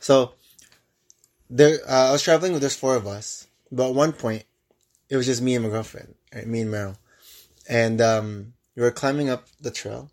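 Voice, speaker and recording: A young man co-hosting a podcast, telling a travel story in casual chat, with lively bursts and frequent restarts. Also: medium pitch, moderate pace. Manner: animated storyteller with many restarts. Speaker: podcast co-host.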